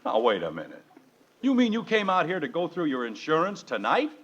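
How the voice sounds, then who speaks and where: Brief: sardonic fed-up dad, high lively voice, dull old radio sound. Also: male voice, brisk, exaggerated voice. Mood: irritated. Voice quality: dry sarcastic. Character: exasperated middle-aged family father, sardonic. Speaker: radio sitcom lead actor. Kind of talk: 1940s radio acting.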